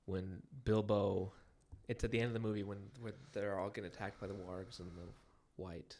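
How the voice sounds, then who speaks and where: A young man co-hosting a casual book podcast, relaxed, chiming in with comments and comparisons. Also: fairly low pitch, normal speed. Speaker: podcast co-host.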